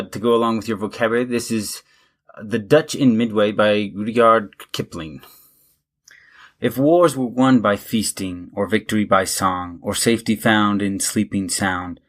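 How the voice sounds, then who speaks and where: A man co-hosting a vocabulary podcast, reading example sentences and a poem aloud and reacting with interest to word histories. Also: lowish voice. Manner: reads example sentences and verse in a measured way, reacts with surprise. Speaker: podcast co-host.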